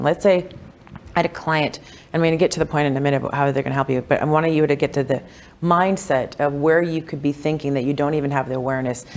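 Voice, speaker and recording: A woman, a wealth coach, telling personal stories in a casual podcast interview, animated and chatty, with lots of "like" and "you know.". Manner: animated, acts out quoted voices with big pitch jumps.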